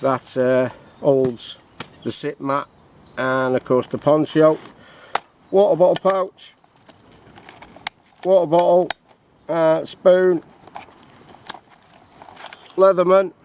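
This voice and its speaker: Relaxed man showing his kit outdoors. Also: a little high, slow pace, long pauses, a little hiss or hum. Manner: relaxed, rambling, with frequent fillers. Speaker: bushcraft vlogger. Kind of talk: casual show-and-tell of gear. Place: outdoors in the countryside.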